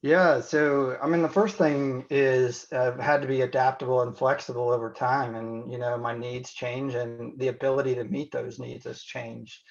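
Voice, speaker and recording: Man, from Indiana, gravelly voice, reflective, candid interview talk, muffled lo-fi audio. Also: mid-range voice, little pitch movement, moderate pace, few pauses. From Indiana, USA. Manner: reflective, frequent "you know" and restarts. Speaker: physician and podcast guest.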